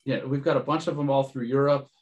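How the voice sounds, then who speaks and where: A man co-hosting a casual podcast, often restarting his sentences mid-thought. His voice sits at a middle pitch and sounds relaxed. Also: fast, dull audio. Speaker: podcast co-host. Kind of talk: casual chat.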